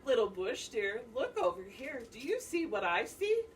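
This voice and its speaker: A greedy spider trickster voiced by a woman reading aloud presses and badgers, his voice pitched high and pushy as his temper rises. He is picked up from across a room, with a faint hum of classroom noise around him. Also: sing-song, moderate pace. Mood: coaxing. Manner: demanding, insistent, shouting when crossed. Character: lazy greedy male spider trickster, quick to anger. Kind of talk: read-aloud storybook voice. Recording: distant mic, faint classroom ambience.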